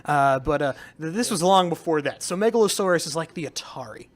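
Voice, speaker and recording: A man's voice: a little high, animated, fairly quick. Rambling, laughing young man hosting a podcast. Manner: rambling, laughs often, many fillers. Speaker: podcast host. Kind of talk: casual podcast chat.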